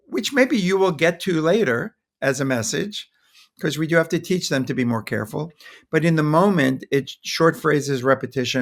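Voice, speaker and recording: A man's voice: fairly high pitch, expressive, moderate pace, creaky. An older man, a pediatrician guest on a podcast, speaking thoughtfully and sometimes acting out how to soothe a child. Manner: thoughtful, acts out soothing toddler talk. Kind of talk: podcast interview.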